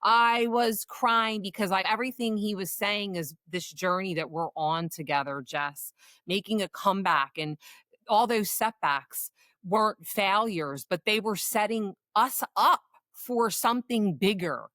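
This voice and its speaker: A woman's voice: mid-range voice, animated, measured pace, a bit bright, dry recording. A woman in her forties co-hosting a casual podcast as a coach, giving earnest, encouraging advice. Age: 40s.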